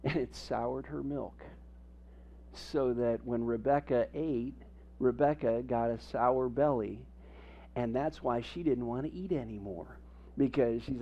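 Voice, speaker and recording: A man preaching a sermon as pastor, telling family stories with humor and animated emphasis. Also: medium pitch, slow, lo-fi sound. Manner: storytelling with humor, animated and lively.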